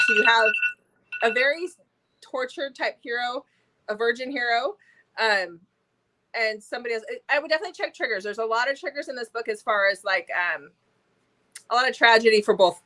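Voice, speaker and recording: A woman's voice: on the high side, animated, fairly quick, long pauses, sharp tone, poor audio. A woman co-hosting a casual book review chat, talking hesitantly with fillers and restarts and laughing easily. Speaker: mother.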